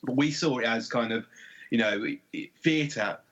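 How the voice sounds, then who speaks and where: A man's voice: mid-range voice, moderate pace, a bit bright, highs cut off. A man with a Birmingham accent, chatting easily about making his film, with lots of fillers. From England. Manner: easygoing, explains with many fillers. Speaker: film director and writer, guest. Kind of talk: casual commentary chat.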